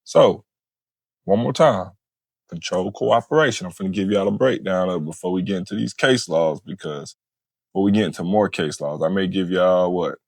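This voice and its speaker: A man's voice: low voice, normal speed, creaky, no room sound. A man, coaching listeners in a casual teaching monologue and checking in often. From Florida. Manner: repetitive, checks in with "all right?" often. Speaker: family court advice host.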